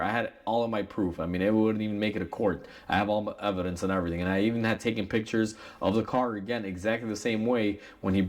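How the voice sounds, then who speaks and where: Speaking to camera with a fairly low voice and a Chicago accent, a man who owns an auto shop casually recounts a story about a customer. He performs the heated exchanges himself.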